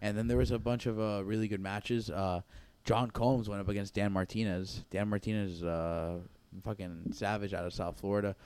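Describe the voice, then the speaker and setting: Laid-back young man, mellow smooth voice. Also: fairly low pitch, steady tone, moderate pace, hardly any pauses, dry recording. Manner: laid-back, rambling recap with many fillers. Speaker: grappling training partner. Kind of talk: casual chat.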